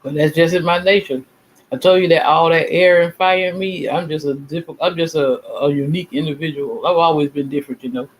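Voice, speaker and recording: A man's voice: on the high side, fairly even intonation, brisk, a little hiss or hum, poor audio. Rambling self-assured man, raised voice. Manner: rambling, emphatic, self-assured, repeats himself. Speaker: channel host. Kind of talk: casual livestream talk.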